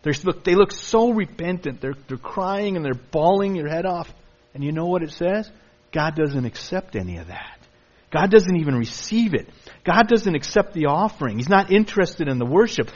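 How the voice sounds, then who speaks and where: A man preaching a sermon emphatically, reading scripture aloud and sometimes mimicking excuses in a higher voice. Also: animated, moderate pace, darkish tone, muffled recording. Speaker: pastor.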